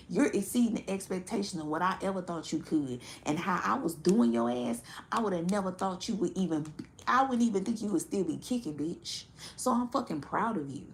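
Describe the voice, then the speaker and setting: Gravelly, blunt, profane woman reader. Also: mid-range voice, a little hiss or hum. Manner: blunt, profane, animated, laughs often, addresses the collective. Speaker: tarot reader. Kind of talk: casual tarot reading monologue.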